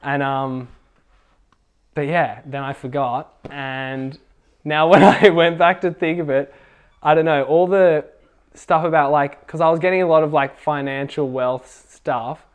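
A young man telling a faith testimony at a casual youth gathering, excitable and full of fillers. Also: a little high, unhurried, smooth. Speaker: youth group speaker.

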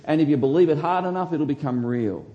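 A man, a pastor, preaching a sermon with emphatic delivery that swings from hushed to loud. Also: on the high side, expressive, fast, lo-fi sound.

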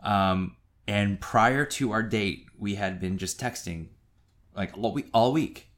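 A middle-aged man co-hosting a podcast, telling a story in a casual way and acting out quotes with sudden high-pitched jumps. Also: slow pace, fairly bright tone. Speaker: podcast co-host.

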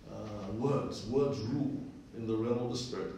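A man's voice: fairly low pitch, moderate pace, warm tone, slight background noise. A man preaches a conversational sermon and drives his points home by repeating key phrases. He is picked up from a distance in a very echoey hall, with faint room ambience underneath. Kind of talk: sermon with personal story.

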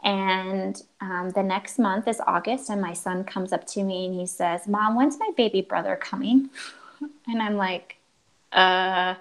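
A woman's voice: mid-range voice, fairly even intonation, a little slow, low-quality recording. Earnest woman telling a personal story. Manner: earnest, acts out quoted dialogue, frequent restarts. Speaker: guest telling her story.

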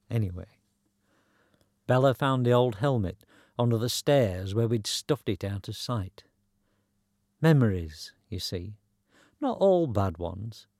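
Bloke spinning a dry funny yarn, mid-pitched voice, dead dry sound. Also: male voice, no room sound. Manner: dry, wry, conversational narration. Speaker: storyteller. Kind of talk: storytelling.

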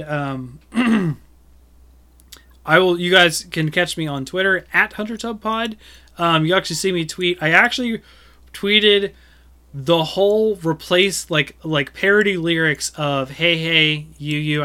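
A man's voice: on the high side, sharp tone, clean tone. A man hosting a casual gaming podcast, chatty, with lots of fillers and laughs. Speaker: podcast host. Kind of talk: casual chat.

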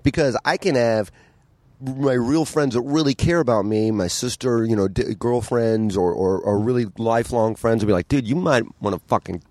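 A man's voice: medium pitch, normal speed, darkish tone, no room sound. A man guest in a casual chat, talking bluntly and candidly and swearing often. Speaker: podcast guest.

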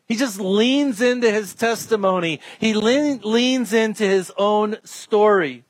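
A man's voice: high voice, unhurried, few pauses, no echo. A man preaching a sermon as a pastor, emphatic and repeating his key phrases.

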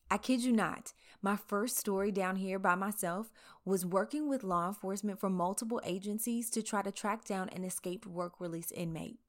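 A woman reporter from the American South narrating her own story in a candid, conversational way with wry asides. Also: medium pitch. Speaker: local TV reporter. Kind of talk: scripted first-person narration.

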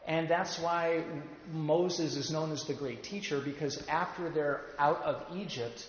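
A man teaching an adult Sunday school class, explaining slowly and leading the group in reading aloud. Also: on the high side, lo-fi sound, slight background noise. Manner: explanatory, leads group readings, pauses with fillers. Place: church classroom. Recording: echoey roomy recording from a distance.

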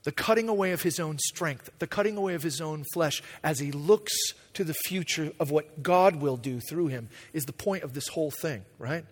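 A man preaching a sermon, animated, acting out paraphrased dialogue in a casual voice. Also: fairly high pitch, normal speed, big-room sound. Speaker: pastor.

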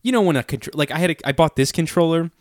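A young man in casual chat, relaxed and rambling with many filler words. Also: a little high, fast, dry recording, clean studio sound.

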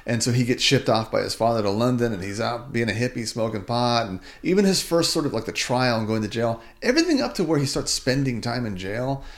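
A man's voice: medium pitch, lively intonation, fairly quick, few pauses. A middle-aged man co-hosting a podcast, chatting casually about movies, joking and laughing often. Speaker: podcast co-host.

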